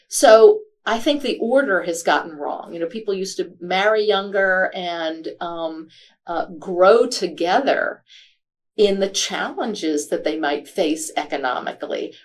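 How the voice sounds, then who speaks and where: Reflective woman author in an interview. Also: on the low side. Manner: reflective, halting with fillers. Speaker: author and guest. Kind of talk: podcast interview answers.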